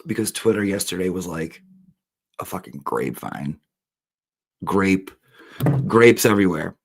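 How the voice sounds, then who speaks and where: Campy man hosting a slow comic rant. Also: deep voice, animated, creaky. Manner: campy, punning, talks to his audience like a teacher. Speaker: comedy host. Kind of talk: comic monologue.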